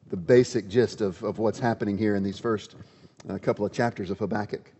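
A man preaching a sermon in a conversational, animated storytelling way, in an echoey, dull-sounding hall. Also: lowish voice, normal speed, pauses often, slightly rough. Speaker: pastor.

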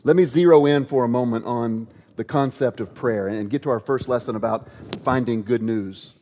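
A man preaching a sermon in a conversational, animated storytelling way, in an echoey, dull-sounding hall. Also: medium pitch, normal speed. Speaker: pastor.

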